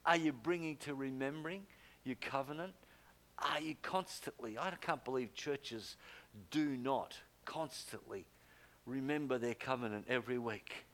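An older man preaching a sermon, emphatic, with loud exclamations and low quiet asides. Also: measured pace.

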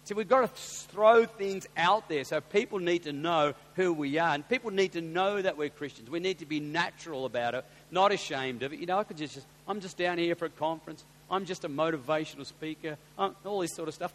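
An Australian man preaching as a pastor, telling personal stories and swinging from hushed asides to loud, excited exclamations. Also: a little high, a little fast, hardly any pauses. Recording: long reverb of a large hall.

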